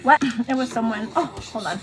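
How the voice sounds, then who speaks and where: Casual high-voiced woman chatting to viewers on a livestream, playful and laughing, soft music underneath. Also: expressive, a little fast. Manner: chatty, calls viewers "girl" constantly; laughs often, teasing then turning earnest. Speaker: livestream host. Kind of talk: casual chat on a morning get-ready livestream.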